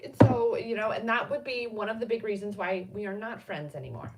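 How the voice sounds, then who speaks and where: A middle-aged woman hosting a casual card-reading chat, rambling spontaneously with sudden animated bursts. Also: mid-range voice, brisk, far from the mic, very noisy. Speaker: spiritual card reader and host.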